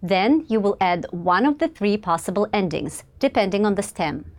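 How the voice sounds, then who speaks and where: A woman narrating a scripted language lesson, reading each rule in a measured way and pausing after every example word. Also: medium pitch, animated. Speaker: language teacher.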